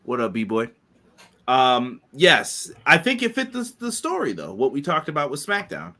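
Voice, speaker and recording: A man hosting a podcast in casual chat, upbeat and quick to laugh. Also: medium pitch, wildly swooping pitch, pushed and bright. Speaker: podcast host.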